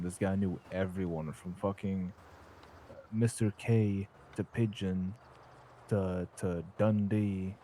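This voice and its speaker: A man talking in character during a role-play game, casual and profane, with halting restarts. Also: fairly low pitch, dark tone, a little hiss or hum.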